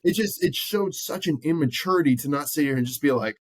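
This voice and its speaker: A man with a slightly high voice co-hosts a casual sports podcast, talking fast with lively intonation and few pauses on a dry recording. He's blunt and animated, swearing freely as he acts out quotes.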